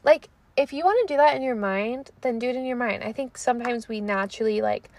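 A woman's voice: fairly high pitch, a little fast, dry recording. Chatty young woman podcast host. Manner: chatty, animated, lots of likes and trailing off. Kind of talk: casual chat.

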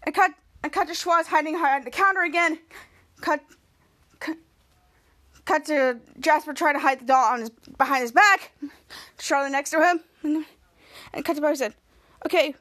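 Very high-voiced woman recapping a show. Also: normal speed, pauses often, fairly bright tone. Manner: retells scene by scene, acting out quotes. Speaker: podcast host. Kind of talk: episode recap.

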